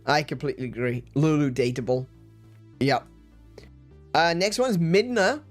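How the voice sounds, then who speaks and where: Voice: medium pitch, a little slow, long pauses. Stammering stream host, faint music. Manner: stammering restarts, laughs often. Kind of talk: casual chat on a stream.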